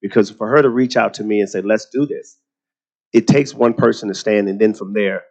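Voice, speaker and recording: Low-voiced Southern man telling stories. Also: a little fast, vocal fry. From Texas. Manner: animated storytelling, repeats words when starting sentences. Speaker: guest speaker. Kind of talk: panel conversation at a luncheon.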